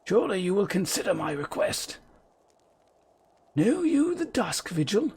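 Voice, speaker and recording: A man puts on a pompous noble knight whose voice is pushed well above his own, swooping and lively as he hands out orders. The delivery is lofty and archaic, read aloud from a game's dialogue with theatrical relish. It sounds like a strained, exaggerated put-on voice. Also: high voice, measured pace, a little hiss or hum, voice pushed up, exaggerated voice. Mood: haughty. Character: pompous high-born male knight giving orders.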